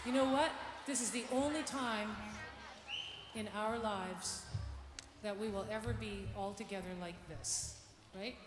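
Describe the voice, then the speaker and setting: A woman's voice: medium pitch, steady tone, unhurried, background noise. A woman co-hosting a concert, leading the audience in a call-and-response chant and thanking them from the stage. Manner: upbeat, leads the crowd, shouts out cues. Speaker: concert co-host and singer. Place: large concert auditorium. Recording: echoey hall with loud crowd and band.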